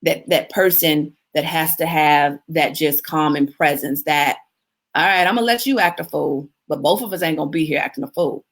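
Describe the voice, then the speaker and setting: A woman hosting a live video stream, giving animated, expressive coaching advice, laughing often and answering viewers' comments as they come in. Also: deep voice, moderate pace.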